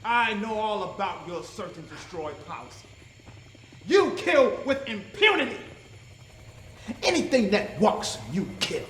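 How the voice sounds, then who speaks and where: A defiant, educated prisoner of war, played by a man, argues back at his captor. His voice is high and lively. The sound rings in an echoey room. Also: unhurried, long pauses, a little hiss or hum, full character voice. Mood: accusing. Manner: defiant, accusing, argumentative. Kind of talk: indie film drama.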